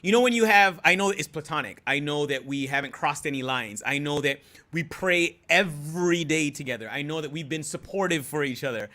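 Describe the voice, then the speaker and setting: A young man telling a personal story as a podcast guest in a relaxed, easygoing way, full of fillers. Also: a little high, a little fast. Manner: relaxed, many fillers like "you know" and "um". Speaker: guest, host's husband. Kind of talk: casual storytelling.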